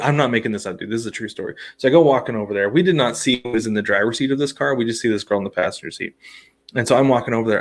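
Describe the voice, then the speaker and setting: A medium-pitched man in his thirties, co-hosting a podcast, launches into a long humorous anecdote during casual chat. His delivery is animated, punctuated by frequent laughter and acted-out quotes.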